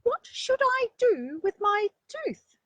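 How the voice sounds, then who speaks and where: A bright, squeaky little girl rabbit, put on by a woman reading a storybook, bursting with eager questions. Her breathy voice jumps high and lively, close and dry to the mic. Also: slow pace, dry recording, highs cut off, full character voice. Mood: excited.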